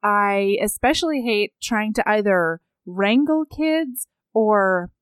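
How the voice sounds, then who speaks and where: A woman's voice: medium pitch, expressive, takes it slowly, smooth, no echo. A woman in her thirties co-hosting a podcast, chatting casually and laughing often. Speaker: podcast co-host. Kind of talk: casual chat.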